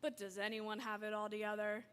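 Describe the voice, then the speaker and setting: A woman's voice: mid-range voice, monotone, fairly quick, fairly bright tone, clean tone. A young woman giving an earnest, conversational talk to students, asking rhetorical questions. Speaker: youth speaker. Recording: hall reverb.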